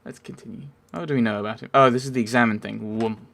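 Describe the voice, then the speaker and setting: A man's voice: medium pitch, steady tone, quick pace, creaky, fairly bright tone. A man giving rambling, casual commentary over a video game, with wry asides and frequent self-interruptions. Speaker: let's play gamer.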